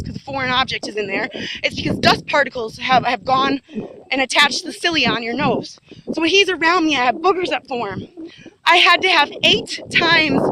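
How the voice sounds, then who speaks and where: A woman's voice: high-pitched, very noisy. A woman giving a rambling, earnest first-person account to camera, repeating herself and restarting often. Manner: rambling, repetitive, with many fillers and restarts; earnest and insistent.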